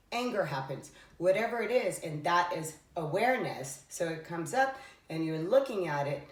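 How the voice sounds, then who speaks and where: Low-voiced woman musing in an echoey room. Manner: earnest, rambling with fillers and self-corrections. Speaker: spiritual tarot vlogger. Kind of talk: reflective spiritual monologue. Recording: echoey room, voice somewhat far from the mic.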